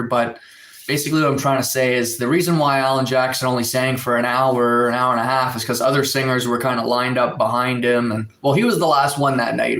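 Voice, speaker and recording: A man's voice: mid-range voice, a bit bright, echoey room. A man chatting casually on a livestream from home, rambling with lots of fillers and reading viewer comments aloud. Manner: rambling, filler-heavy storytelling, reads chat aloud. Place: indoors at home, in a room with a window. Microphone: phone.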